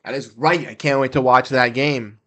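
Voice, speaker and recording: A young man hosting a casual livestream watch-along, reacting to plays and talking with his chat in quick, excitable bursts. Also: medium pitch. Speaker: livestream host. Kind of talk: casual live game commentary.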